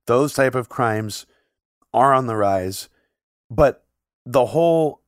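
Guy on a podcast, rambly and animated, lots of likes, dry close mic. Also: mid-range voice, no echo. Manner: talks in long runs with frequent "like" fillers, animated when shocked. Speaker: podcast co-host. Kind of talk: casual conversational podcast chat.

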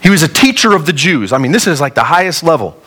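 A man preaching a sermon in an earnest, conversational way, his voice sitting a little higher than most men's. He is from Colorado and moves from easy asides into emphatic, rising lines and then drops low again. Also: big pitch swings, fast. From Colorado, USA. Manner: earnest, conversational preaching with wide swings in pitch and loudness. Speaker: pastor.

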